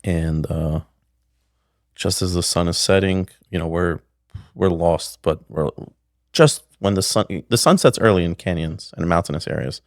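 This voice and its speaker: Podcast guest: a middle-aged man, low gravelly voice, a rambling storyteller. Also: normal speed, no echo, clean studio sound. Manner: rambling, with many restarts and "like". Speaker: podcast guest, pickle maker. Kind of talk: casual storytelling.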